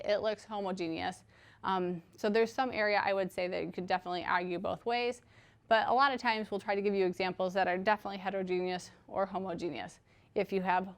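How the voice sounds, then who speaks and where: A woman teaching a recorded chemistry lecture, explaining patiently with everyday examples and checking in with "okay?" as she goes. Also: medium pitch. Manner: conversational, frequent "okay?" check-ins.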